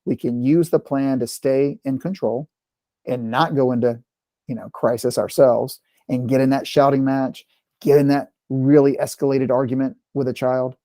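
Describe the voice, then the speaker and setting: A man's voice: medium pitch, fairly even intonation, moderate pace, warm tone, no room sound, studio quality. A middle-aged man presenting a parent workshop, talking informally and often checking in with "right?". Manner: conversational, with frequent "right?" check-ins.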